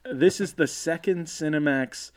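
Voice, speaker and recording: A man's voice: fairly high pitch, unhurried. A man co-hosting a podcast in casual chat, laughing often and chiming in. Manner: laughs often, lively interjections. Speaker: podcast co-host.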